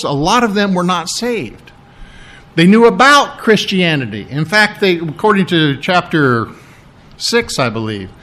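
High-voiced man preaching a sermon. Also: a bit bright. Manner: conversational, repeats words, explains step by step. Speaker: pastor.

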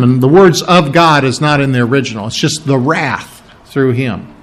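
A man's voice: a little high, measured pace. A man preaching a sermon, working verse by verse through scripture, repeating key phrases and asking rhetorical questions.

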